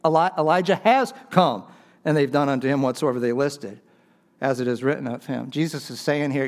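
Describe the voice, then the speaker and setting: A man's voice: medium pitch, fairly quick. A male pastor preaching a conversational sermon, often asking the congregation rhetorical questions.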